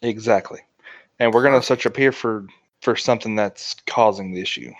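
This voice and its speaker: A man's voice: lowish voice, normal speed, no room sound. A man who plays a tabletop game and talks in a dry, offhand way. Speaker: player. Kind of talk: casual tabletop play. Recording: dull dry sound.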